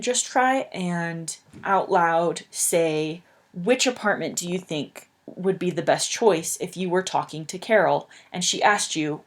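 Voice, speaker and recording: A young woman teaching an English lesson, patiently explaining words with plain fillers. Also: lowish voice. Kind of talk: slow English lesson, reading aloud.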